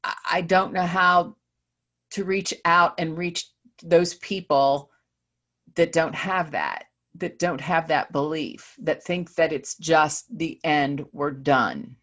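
A woman interviewer with a very low voice speaks slowly and thoughtfully. She hesitates and restarts as she searches for her words, asking reflective questions. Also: fairly bright tone. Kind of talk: conversational interview.

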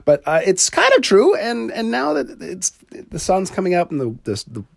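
A man's voice: high-pitched, huge pitch swings, normal speed, gravelly. A middle-aged man hosting his solo podcast, talking casually with sarcasm, frequent swearing and laughs at his own jokes. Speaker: podcast host. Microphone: studio mic.

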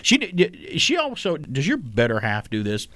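A man's voice: on the high side, wildly swooping pitch, normal speed, a bit bright, dry recording. A man hosting a radio show, chatting casually and rambling with jokes at his own expense, laughing often. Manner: rambling, jokey, self-deprecating, laughs often. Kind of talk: casual chat. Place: radio studio.

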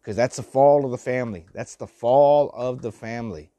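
A man's voice: medium pitch, moderate pace, mellow, no room sound. Older guy preaching love and forgiveness, repeats himself, cusses a lot, dry close sound. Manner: heartfelt, preachy, repeats phrases, swears, slangy. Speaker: vlogger giving life advice. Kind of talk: emotional motivational monologue.

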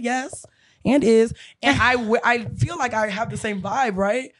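A man's voice: sits high, normal speed. A man from Florida hosting a podcast, telling stories in a casual, profane way and acting out the voices of people he quotes. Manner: animated storyteller, profane, acts out quoted voices. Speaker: podcast host. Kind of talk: casual chat.

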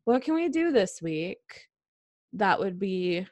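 A woman of middle pitch talks in a halting, unhurried way, filling gaps with little pauses. Her voice is recorded dry and close. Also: very animated, a little mellow, no echo. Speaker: podcast co-host. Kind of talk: casual chat.

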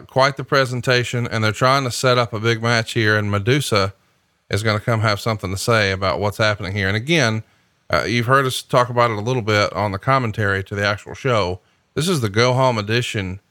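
A man's voice: on the low side, fairly bright tone, no room sound, clean studio sound. A man hosting a podcast, casually chatting and playfully ribbing his co-host while watching wrestling.

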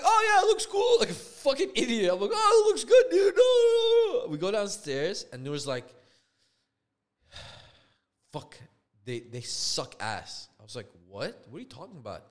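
A young man co-hosting a podcast, telling a story in a casual, profane way and acting out the people he quotes. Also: mid-range voice. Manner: animated, profane, acts out quoted dialogue. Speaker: podcast co-host.

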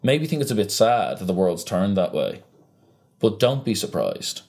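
A young man chatting casually on a podcast, ranting with animated energy and free swearing. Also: on the low side, moderate pace, vocal fry. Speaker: podcast co-host. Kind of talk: casual chat.

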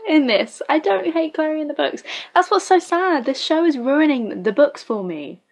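A woman's voice: high voice, animated, measured pace, creaky, a little mellow. A woman giving casual reaction commentary on a show, blunt and sarcastic, swearing freely. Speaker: show reviewer.

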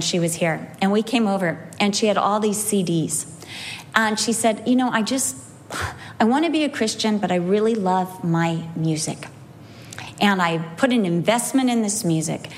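A woman in her fifties teaching a church group, telling personal stories with feeling and acting out the voices of the people she quotes. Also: mid-range voice. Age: 50s. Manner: emotional storytelling with animated quoted voices. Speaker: Bible teacher. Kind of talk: women's Bible teaching talk.

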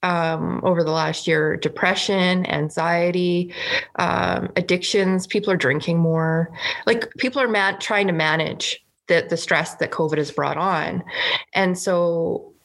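A woman from Canada speaks in a low register with a gravelly, creaky texture. She sounds earnest and indignant in a loose political podcast conversation, leaning on "like" as she talks. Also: fairly even intonation, measured pace. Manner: earnest, indignant, lots of "like" fillers. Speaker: provincial legislator co-hosting a podcast. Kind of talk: casual political chat.

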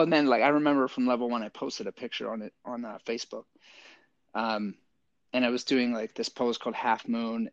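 A man's voice: medium pitch, no echo, highs cut off. A middle-aged man, an army veteran and yoga teacher, casually telling stories in an interview and acting out what people said. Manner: animated storyteller, acts out quotes with lots of "like".

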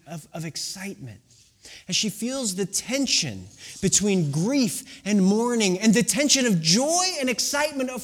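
A male pastor in his thirties delivers a sermon in a high voice that swings widely in pitch. He tells his stories at an unhurried, deliberate pace and stretches phrases out for drama. At times he sinks almost to a whisper to drive a point home. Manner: animated storytelling, drawn-out dramatic phrasing, dropping to a hush for emphasis.

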